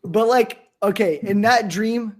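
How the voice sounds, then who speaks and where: A young man in casual chat, animated and profane, often laughing. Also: sits high, unhurried.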